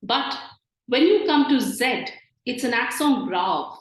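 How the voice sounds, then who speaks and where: A woman with a fairly high voice teaches at a very slow, deliberate pace. She explains patiently and repeats each sound. The room around her rings with echo. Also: expressive. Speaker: French teacher. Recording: echoey room.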